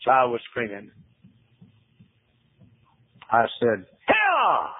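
Male preacher, folksy storyteller, husky, heard over thin phone-band radio. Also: normal speed. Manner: folksy storytelling, drops to low hushed tones. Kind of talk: sermon. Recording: tinny phone-like radio broadcast.

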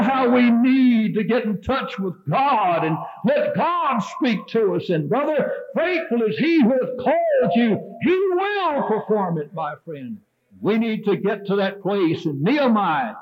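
Older man, Baptist preacher, high fervent revival delivery, muffled lo-fi church recording. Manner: fervent, rising and falling preaching cadence. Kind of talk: revival sermon. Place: church sanctuary. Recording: dull lo-fi sermon tape.

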